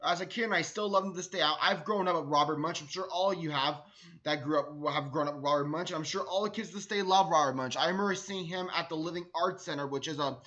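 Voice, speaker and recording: Man, read-aloud storybook narrator, bright tone, eager, stumbling restarts. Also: fairly high pitch, quick pace, low-quality recording. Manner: enthusiastic, stumbles and repeats words. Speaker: read-along host.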